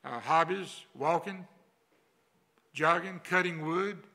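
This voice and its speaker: An older pastor with a drawl preaches in a church sanctuary, his voice gravelly and a bit husky. The tone is bright and tense, and he drives his points home with folksy repetition. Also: fairly high pitch, slow pace. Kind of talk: sermon.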